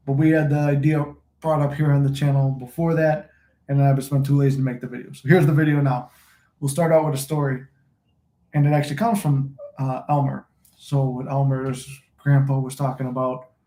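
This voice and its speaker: Male host, rambling casual livestream talk, flat and mellow, roomy phone sound. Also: medium pitch. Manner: rambling, loose and profane. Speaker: manifesting channel host. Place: room at home, smoking a cigar. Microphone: phone recording. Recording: echoey room.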